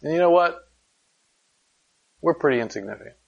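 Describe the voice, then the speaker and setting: A man's voice: on the high side, lively intonation, fairly quick, vocal fry, slightly rough, highs cut off. A man preaching a sermon in a conversational way, asking rhetorical questions and telling stories with animation. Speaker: pastor.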